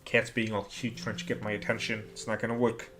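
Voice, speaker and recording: A man's voice: fairly low pitch, level tone, brisk, music in the background. A man hosting a casual live stream at home, muttering to himself as he works and tossing off dry, sarcastic asides. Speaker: livestream host.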